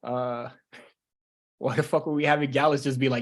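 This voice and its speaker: A man's voice: on the high side, moderate pace, pushed and bright. A man co-hosting a wrestling podcast in loose, joking, profane casual chat. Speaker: podcast co-host.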